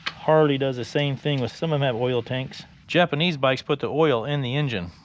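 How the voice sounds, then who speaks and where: A man's voice: medium pitch, normal speed, highs cut off, slight background noise. An older man wisecracking bluntly as he walks through a motorcycle repair in his garage, in casual how-to narration. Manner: wisecracking, blunt, explains as he works. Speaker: motorcycle restorer.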